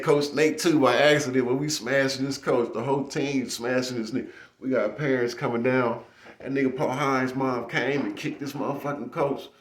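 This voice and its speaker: Animated young man telling a story. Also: mid-range voice. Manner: animated, laughing, with acted-out shouts. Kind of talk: casual storytelling. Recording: echoey room.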